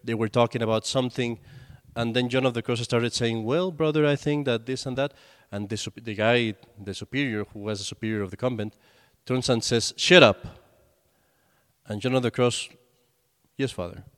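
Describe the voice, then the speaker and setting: A man's voice: mid-range voice, steady tone, a little fast, hardly any pauses, clean tone. A man, a priest, giving a conversational sermon and telling stories with acted quotes. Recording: long hall reverb.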